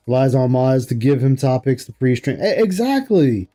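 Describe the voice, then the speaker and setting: A man's voice: mid-range voice, big pitch swings, normal speed, dark tone, soft background music. A man hosting a livestream, reacting to an interview and greeting chat, rambling and incredulous with frequent laughs. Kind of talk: casual commentary reading chat.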